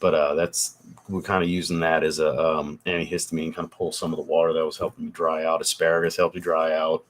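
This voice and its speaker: A man's voice: rumbling low, flat delivery, fast, a little hiss or hum. A man hosting a fragrance livestream, chatting casually with viewers and reading their comments, loose and profane, getting over a cold. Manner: loose and profane, swears often.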